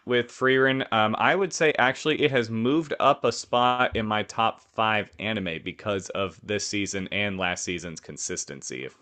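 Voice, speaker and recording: A man's voice: fairly low pitch, sharp tone. A man co-hosting a podcast in easygoing, jokey casual chat, with plenty of ums. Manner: easygoing, jokey, filler-heavy. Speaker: podcast co-host.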